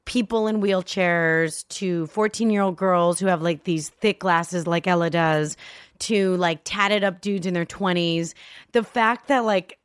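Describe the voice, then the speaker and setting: A woman in her thirties, an actress guest on a podcast, chatting in a bubbly, excitable way and laughing often. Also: fairly low pitch, smooth, no room sound, clean studio sound. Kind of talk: casual podcast chat.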